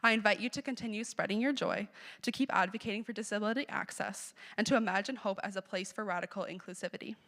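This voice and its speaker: A woman's voice: mid-range voice, quick pace, a bit bright, in a large hall. A woman giving a prepared advocacy speech as she introduces a lecture, earnest and rhetorical, repeating phrases for effect. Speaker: student speaker introducing the lecture. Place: lecture hall.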